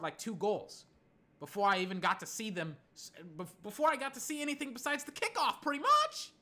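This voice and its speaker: An American vlogger in a casual sports rant, animated and arguing back at imagined critics, a little tired. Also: mid-range voice. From United States.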